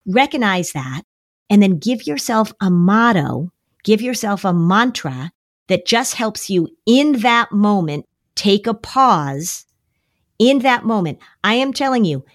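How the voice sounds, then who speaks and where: A woman's voice: mid-range voice, animated, measured pace, a bit bright, no echo, studio quality. A woman therapist on a podcast, giving emphatic, coaching advice with lots of repetition. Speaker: anxiety therapist. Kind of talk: podcast conversation.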